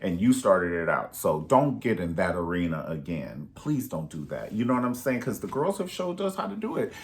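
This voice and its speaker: A man's voice: deep voice, big pitch swings, moderate pace. A man giving sassy, profane, rambling gossip commentary in a vlog.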